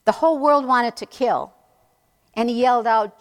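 A woman preaching a sermon in an earnest, emphatic way, slowing down to stress key phrases. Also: on the high side, in a large hall.

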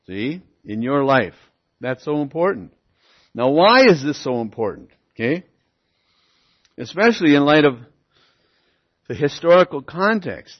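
A man preaching a sermon as pastor, teaching verse by verse, often checking in with "okay?" and "see?" and slowing down to stress key words. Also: a little high, sing-song. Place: church. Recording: lo-fi church recording.

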